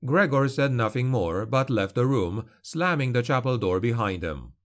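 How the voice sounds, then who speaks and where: A man reading a dark fantasy novel aloud in measured, dramatic narration. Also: medium pitch, animated. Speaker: audiobook narrator.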